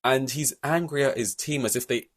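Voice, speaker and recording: A man's voice: medium pitch, moderate pace. A man hosting a solo podcast, ranting in an exasperated, rambling way with many fillers and restarts. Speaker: podcast host.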